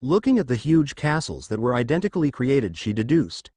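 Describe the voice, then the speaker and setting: A man reading fan fiction aloud in a plain, steady way. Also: medium pitch, a little fast, few pauses, no echo. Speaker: story reader.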